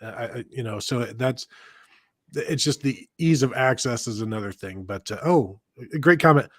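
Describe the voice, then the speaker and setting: A man's voice: medium pitch, moderate pace, no echo. Dry-sounding man chatting casually about sports. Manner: loose, rambling delivery with fillers. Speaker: podcast co-host.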